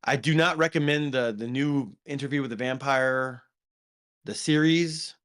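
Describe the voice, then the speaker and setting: This podcast co-host has a clean, fairly bright voice of medium pitch and speaks at a measured pace. He chats loosely about films, rambling and frequently restarting or saying "um."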